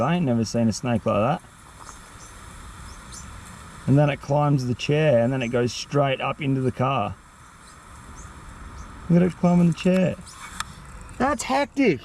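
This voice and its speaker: A young man, vlogging outdoors in the bush, rambling excitedly in casual slang. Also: on the high side, slight background noise. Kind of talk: casual outdoor vlog narration.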